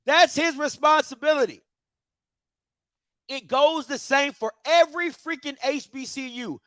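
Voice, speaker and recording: A man's voice: extremely high pitch, unhurried, a bit bright, no echo. A man hosting a commentary show, ranting passionately with repeated rhetorical questions and mocking voices of others. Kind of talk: passionate opinion rant.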